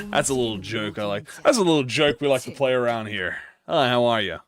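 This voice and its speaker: A man giving casual gameplay commentary, excitable and joking, swearing freely. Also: mid-range voice, brisk, no echo, soft background music. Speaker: gaming YouTuber.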